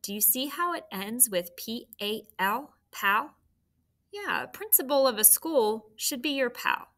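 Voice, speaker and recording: A woman's voice: a little high, animated, unhurried, fairly bright tone. A woman teacher drilling children on spelling homophones, encouraging them step by step. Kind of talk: recorded phonics lesson for children.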